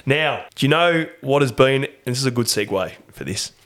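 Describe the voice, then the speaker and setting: An Australian man hosting a podcast, chatting loosely and laughing easily. His voice sits at a middling pitch, and he talks in relaxed, rambling bursts with plenty of restarts. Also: moderate pace, slight background noise. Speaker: podcast host. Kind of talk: casual chat.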